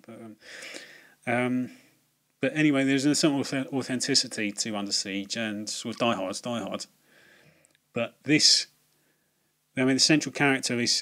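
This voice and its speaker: A man's voice: medium pitch, fairly bright tone. A man giving a casual, rambling film review, full of fillers, restarts and swearing.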